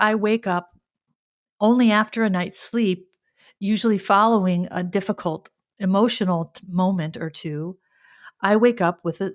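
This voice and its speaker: A woman hosting her own podcast, speaking candidly in a reflective personal monologue, often restarting her sentences as she thinks aloud. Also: mid-range voice. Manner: candid, searching, with frequent restarts and self-talk. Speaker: podcast host.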